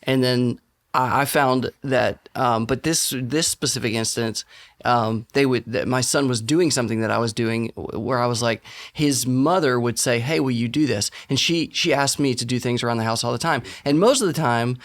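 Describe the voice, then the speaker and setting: Animated man telling a podcast story. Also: mid-range voice, normal speed. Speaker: podcast guest. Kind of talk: casual podcast discussion.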